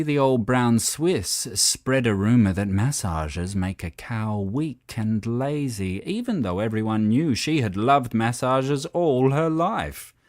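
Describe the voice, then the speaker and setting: Expressive male storybook narrator. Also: lowish voice, no echo, clean studio sound. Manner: expressive, playful storybook reading. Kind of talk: scripted children's story narration.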